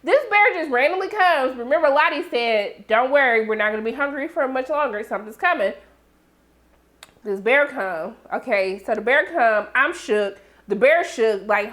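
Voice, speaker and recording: A woman giving a sassy, animated TV episode recap, yelling in bursts and acting out characters' lines, with a sore throat. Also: high-pitched, moderate pace. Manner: sassy, loud outbursts, acts out characters. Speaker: TV recap reviewer.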